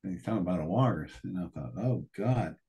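A man's voice: low-pitched, very fast, gravelly, husky, muffled recording. A man as an interview guest telling a colorful, profane story, acting out the other people's voices.

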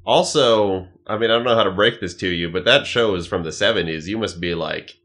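A man's voice: deep voice, a little fast, a bit bright. A man co-hosting a podcast, chatting casually and rambling through jokey recaps. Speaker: podcast co-host. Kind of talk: casual comedic chat.

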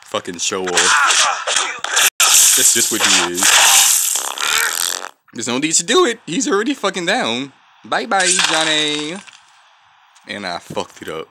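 Lively-pitched foul-mouthed gamer man. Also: measured pace, pauses often, very noisy. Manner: profane, trash-talking, reacts loudly to the game. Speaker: gaming channel host. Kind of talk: live gameplay commentary. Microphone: off-camera voice-only mic.

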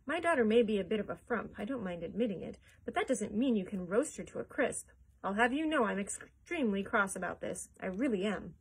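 A woman's voice: mid-range voice, lively intonation, a little fast, slightly rough, rough recording. A woman voicing a pompous rich father in a children's storybook read-aloud, stiff and indignant.

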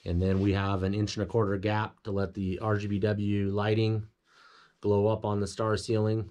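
A man's voice: fairly low pitch, completely flat delivery, moderate pace, warm tone, highs cut off. A man giving a casual walkthrough of a home theater build, explaining things plainly with fillers and self-corrections. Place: home theater room, indoors.

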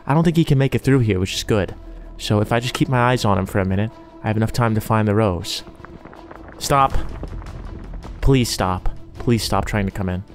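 A man's voice: fairly low pitch, moderate pace, soft background music. Jittery man narrating a scary game. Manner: jittery, talks himself through scares. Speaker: gaming YouTuber. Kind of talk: live gameplay commentary.

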